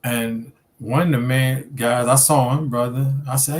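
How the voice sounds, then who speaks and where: A man, a student minister, talking as a guest in a casual storytelling interview, relaxed and conversational with many fillers. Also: mid-range voice, measured pace.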